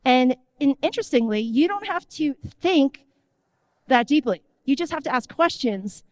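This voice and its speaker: A woman giving an energetic conference talk in a conversational tone, often checking in with the audience. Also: high voice, moderate pace, no echo. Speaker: conference speaker. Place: conference stage.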